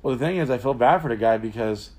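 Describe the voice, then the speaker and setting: A man's voice: medium pitch, fast talker. A man being interviewed, telling long, rambling, profane stories in a casual way. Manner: profane, rambling, animated storyteller. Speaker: interview guest. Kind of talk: casual storytelling.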